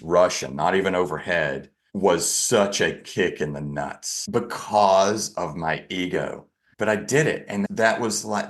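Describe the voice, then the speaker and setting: A man speaking as a podcast guest, telling his own story frankly, often halting and restarting his sentences, with a self-deprecating edge. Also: low voice. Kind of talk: candid personal storytelling.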